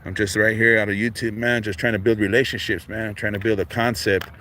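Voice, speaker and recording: A middle-aged man, rambling to his livestream viewers in a relaxed stream of street slang. His voice sits low, with lots of man, dog and you know. A faint hiss of noise runs under the recording. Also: fast talker. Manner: laid-back street slang, constant fillers like man and dog. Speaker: livestream host. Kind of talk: casual livestream monologue.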